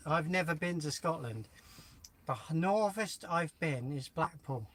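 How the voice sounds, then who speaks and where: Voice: mid-range voice, expressive, measured pace, fairly bright tone. A host from England chatting casually on a live chat, talking with a mouthful and apologising while eating cake.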